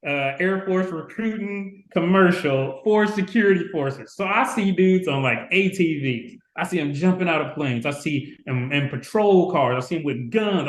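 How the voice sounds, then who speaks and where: Roomy-sounding man in his forties. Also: sits high. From Chicago, USA. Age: 40s. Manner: lively anecdote-telling, acting out quoted people. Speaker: guest. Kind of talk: casual storytelling interview. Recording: roomy echo.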